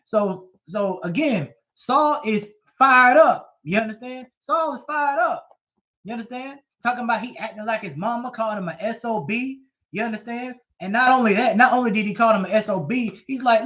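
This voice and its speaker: Animated high-voiced male bible teacher. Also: normal speed. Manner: animated, colloquial, keeps asking "you understand?". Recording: dull lo-fi recording.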